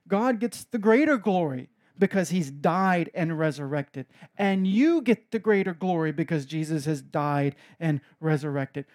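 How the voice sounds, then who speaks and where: A man preaching a sermon, slow and deliberate, rising at times to passionate urgency. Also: sits high, darkish tone. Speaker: pastor.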